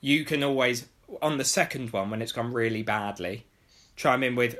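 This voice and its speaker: A man's voice: mid-range voice, normal speed, fairly bright tone. A man co-hosting a casual podcast chat, jokey and full of puns. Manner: jokey, pun-making, chatty. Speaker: podcast co-host.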